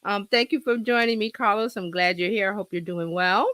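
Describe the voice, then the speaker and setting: Woman, livestream host, bright tone, rambling casual chat, slight cold, dry close sound. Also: medium pitch, a little fast, no room sound. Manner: chatty, rambling, laughs often. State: slight cold, scratchy throat. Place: home office. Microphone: laptop with external mic.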